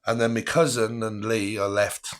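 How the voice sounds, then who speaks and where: A man's voice: on the low side, level tone, normal speed. Slangy English man telling a story. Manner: swearing, laughing, slangy, rambling. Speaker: live stream host. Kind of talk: casual storytelling.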